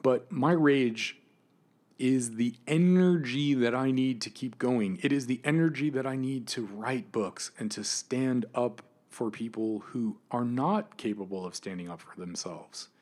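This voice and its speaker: A man hosting his own podcast, ranting with anger and frequent swearing, swinging between loud outbursts and quiet asides. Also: medium pitch, measured pace. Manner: angry, emphatic, swears often, swings between loud and soft. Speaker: podcast host. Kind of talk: impassioned solo podcast rant.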